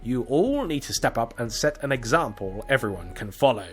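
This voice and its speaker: A man's voice: medium pitch, sing-song, moderate pace, soft background music, close to an everyday voice. A man voicing a stern band director. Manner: firm lecturing.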